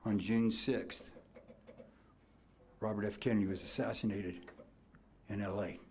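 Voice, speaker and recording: Older Midwestern coach telling animated stories. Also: male voice, on the low side, measured pace, a little hiss or hum. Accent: Midwestern American. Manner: animated storyteller, drops to whispers, sudden loud bursts. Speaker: coach and hall of fame inductee. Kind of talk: acceptance speech storytelling. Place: banquet hall at a ceremony.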